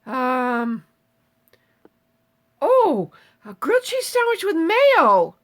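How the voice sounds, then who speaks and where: A woman's voice: high-pitched, huge pitch swings, extremely slow, fairly bright tone. A woman in her seventies chatting casually on a live stream, reading viewer comments aloud and answering them with frequent swearing. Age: 70s.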